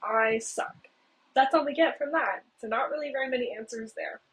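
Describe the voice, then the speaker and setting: A young woman hosting a video, casually recapping a story in a chatty way, with lots of "like" and "okay?". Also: fast talker. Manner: chatty, heavy use of "like" and "okay?". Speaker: video host. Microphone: cheap home mic. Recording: noisy low-quality home mic with clicks.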